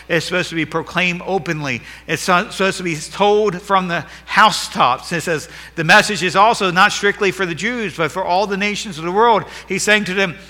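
A man preaching a sermon as pastor, swinging between loud emphatic stretches and quieter explanation. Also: fairly high pitch. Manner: preaching with rising and falling emphasis. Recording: hall reverb.

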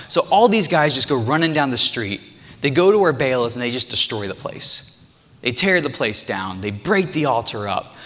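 A man preaching a sermon, animated as he retells a story and acts out the quotes. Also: mid-range voice, long reverb tail.

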